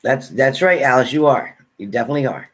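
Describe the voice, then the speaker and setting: A relaxed man talks his way through a live stream. He greets viewers and reads their comments aloud in a casual, chatty way. His voice sits at an ordinary middle pitch. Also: fast. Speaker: tarot reader greeting live chat.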